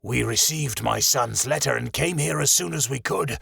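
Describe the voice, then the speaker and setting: Guy doing a big wise white tiger, rough rumbly voice, calm, kinda gravelly. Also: no echo, clean studio sound, full character voice. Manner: calm, measured.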